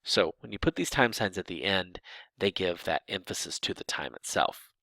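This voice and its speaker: Male instructor, low-pitched with a bright edge, animated and emphatic delivery. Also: normal speed, vocal fry, no room sound. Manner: lively, emphatic, with frequent restarts. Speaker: ASL linguistics instructor. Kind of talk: explanatory lecture.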